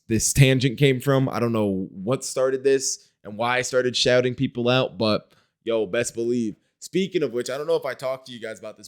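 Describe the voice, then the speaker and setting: A young man speaking straight to his camera in a loose, diary-style vlog. His voice is smooth and clear, at an ordinary pitch for a man. He wanders from thought to thought, full of slang and easygoing fillers. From Wisconsin, US. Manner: rambling, slangy, frequent "like" and "you know". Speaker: vlogger. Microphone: talking to a camera.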